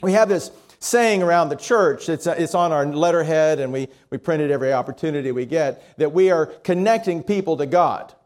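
A man's voice: fairly high pitch, normal speed, few pauses, darkish tone. A male pastor giving a conversational sermon in church, often repeating words as he thinks.

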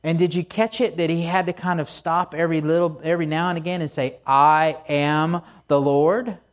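A man's voice: a little high, steady tone, fast talker. A middle-aged man, a pastor, delivering a conversational sermon in a casual, storytelling way with frequent asides.

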